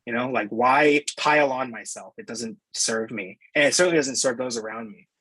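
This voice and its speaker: A man's voice: medium pitch, normal speed, a bit bright, breathy edge, no echo, low-quality recording. A man being interviewed as a guest, talking candidly and thoughtfully in a casual way, with the odd swear word.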